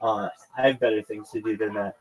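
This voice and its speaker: Low-voiced man rambling on a livestream. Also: fairly even intonation, a little fast, darkish tone, poor audio. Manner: rambling, profane storytelling. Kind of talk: casual livestream monologue.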